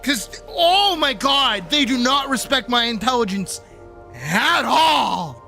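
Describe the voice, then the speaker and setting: High, bright-voiced cursing game streamer. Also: male voice, lively intonation, slow, vocal fry, faint music behind. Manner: ranting, profane, yelling and laughing at the game. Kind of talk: live gameplay commentary.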